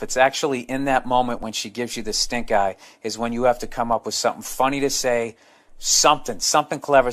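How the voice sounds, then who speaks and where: A man's voice: medium pitch, a bit bright. A man hosting a comedy podcast, reading a listener letter aloud and ranting about it in a profane, blunt way with stumbling asides.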